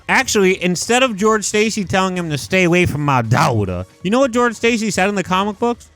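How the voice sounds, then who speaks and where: A young man giving casual, animated commentary on film adaptations, leaning heavily on "like" and emphatic rants. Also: high-pitched, quick pace, hardly any pauses, faint music behind. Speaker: YouTube movie commentator.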